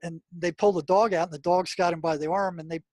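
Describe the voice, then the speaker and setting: A man's voice: high-pitched, steady tone, fast, darkish tone, no echo. Older man, dry emphatic storyteller. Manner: emphatic storyteller, many "I mean" and "you know" fillers. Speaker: guest, retired mental health practitioner. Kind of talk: storytelling interview talk.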